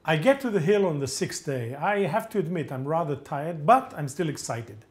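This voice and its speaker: A man lecturing as a gripping storyteller, his fairly high voice swooping up and down as he acts out each exchange. He delivers the tale in the first person with a theatrical flair. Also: normal speed. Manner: animated, acts out dialogue with shifting voices.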